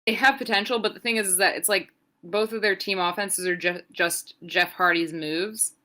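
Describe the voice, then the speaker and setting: A woman's voice: mid-range voice, steady tone, moderate pace, sharp tone. A young adult woman co-hosting a podcast, giving a sarcastic, profane, rambling play-by-play recap. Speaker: podcast co-host. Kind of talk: casual wrestling recap.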